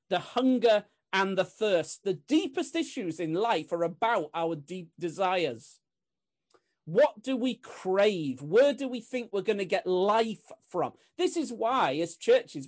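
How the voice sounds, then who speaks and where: A woman's voice: medium pitch, darkish tone. A woman preaching a Bible sermon in a conversational, earnest way, asking rhetorical questions and often restarting her sentences.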